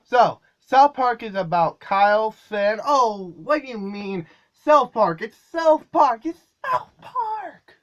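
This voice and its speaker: A man playing an over-the-top, excitable male cartoon reviewer who exaggerates everything and bursts into shouts. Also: high voice, moderate pace, highs cut off, pitched above the performer's own voice. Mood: excited. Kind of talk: comedic character review.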